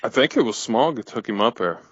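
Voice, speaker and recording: A man's voice: medium pitch, animated, brisk, a bit bright, slightly rough, dry recording, highs cut off. A man co-hosting a comedy talk show, chiming in casually with extra details in a laid-back way.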